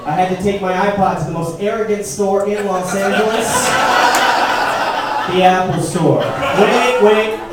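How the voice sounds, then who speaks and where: Recorded from a distance in an echoey comedy club with loud noise, a man in his thirties does a punchy stand-up set and quizzes the laughing crowd. His voice is high-pitched and his delivery unhurried.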